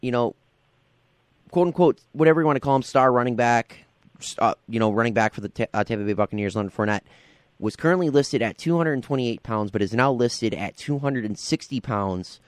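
A man's voice: mid-range voice, fairly quick, dry recording. A man hosting a casual sports radio show from a college radio studio, rambling with lots of fillers in an affable way.

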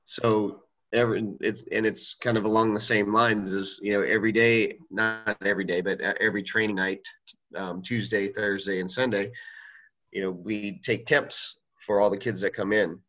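A low-voiced man tells a story in halting casual chat, restarting his sentences. The audio is dull and lo-fi, and he coaches young teams. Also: steady tone, a bit bright. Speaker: coach of fifth and sixth grade teams.

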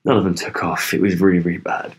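A man's voice: deep voice, level tone, fast talker, breathy edge. A young man co-hosting a podcast in loose casual chat, rambling with lots of ums and swearing. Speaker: podcast co-host.

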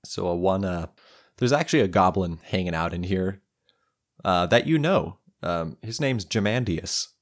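Deep-voiced young man running a game. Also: animated, normal speed. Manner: loose, improvising with many restarts. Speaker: game master. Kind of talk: narrating a tabletop game.

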